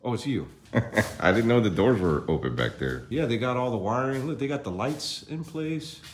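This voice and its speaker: A young man vlogging casually around his farm and new house, chatting, laughing often and using high baby talk with the animals. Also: animated, moderate pace, slight background noise. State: soaked from rain. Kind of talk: casual vlog narration. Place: outdoors on a farm, and a house under construction.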